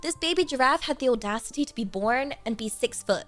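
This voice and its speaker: A woman's voice: high-pitched, expressive, fairly quick, few pauses, soft background music. A woman chatting casually on her livestream, rambling with many fillers and giggling often. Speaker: streamer.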